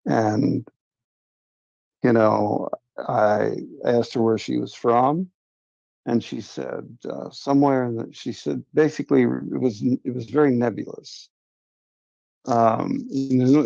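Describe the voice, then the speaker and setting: A man hosting a livestream earnestly tells a personal story in a casual, confiding first-person way. His medium-pitched voice is steady, a little slow, gravelly and warm; the stream audio is dull and lo-fi, without echo.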